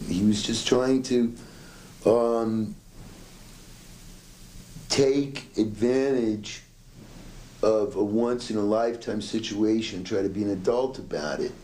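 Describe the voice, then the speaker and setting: A man in a documentary interview, speaking in a reflective, measured way. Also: on the low side, steady tone, darkish tone, rough recording.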